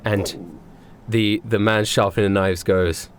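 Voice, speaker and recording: A man's voice: lowish voice, steady tone, unhurried, a little hiss or hum. A man working as game master, narrating a tabletop game in a casual, rambling way.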